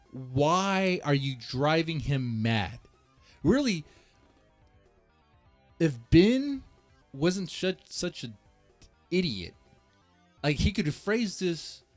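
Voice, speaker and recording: A man hosting a casual commentary stream, rambling and mocking, with many restarts. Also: fairly high pitch.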